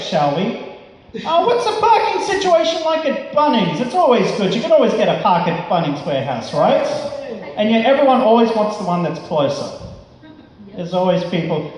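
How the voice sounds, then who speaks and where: A man's voice: sits high, darkish tone. An Australian man performing a stand-up comedy set at a social club, chatty and teasing the audience. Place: social club gig before a live audience. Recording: echoey club room with crowd.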